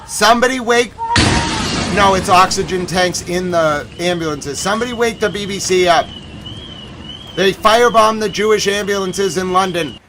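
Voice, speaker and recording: A man hosting a live stream on breaking news, talking urgently and breaking into agitated, shouted outbursts. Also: high voice, moderate pace, noisy background. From United States. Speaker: livestream host covering breaking news.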